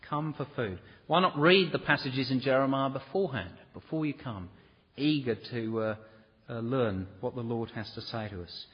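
A husky, slightly breathy male preacher delivers an earnest sermon, pleading with his listeners and slipping into the voices of the grumblers he quotes. The sound is dull and lo-fi, with a long hall reverb trailing each phrase. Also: mid-range voice, moderate pace. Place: church.

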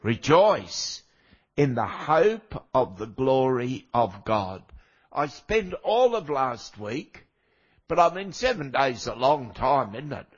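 An older man delivers a sermon at an unhurried, deliberate pace, his voice husky and a little worn by a cold. He chats with the congregation rather than orating and drops in wry asides. The recording sounds dull and lo-fi. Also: medium pitch, sing-song. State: has a cold, coughing now and then. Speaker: preacher.

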